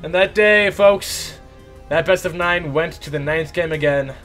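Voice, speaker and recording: A young man, an esports shoutcaster with a sore throat, telling a rambling, animated story between matches. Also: fairly high pitch, a little slow, faint music behind. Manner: animated, rambling anecdote with lively voiced asides.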